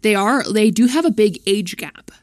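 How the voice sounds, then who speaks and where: A woman's voice: mid-range voice, lively intonation, moderate pace, no echo, studio quality. A young woman co-hosting a podcast with giggly, emphatic banter. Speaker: podcast co-host. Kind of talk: casual chat.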